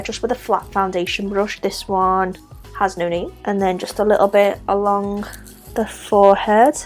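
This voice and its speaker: Faint music sits quietly under this young woman's mid-pitched voice as she narrates her makeup routine. She's a makeup vlogger with a broad Scouse accent from Liverpool, chatting away casually, naming each brush and product, and tossing in little jokes at her own expense.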